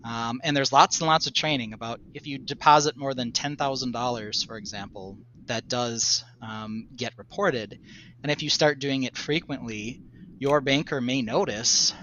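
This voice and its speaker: Guy with a bright forceful voice, calm explainer on a chill podcast, faint room ambience. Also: medium pitch, lo-fi sound, slight background noise. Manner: explanatory, measured. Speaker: podcast co-host, attorney. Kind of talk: casual podcast chat.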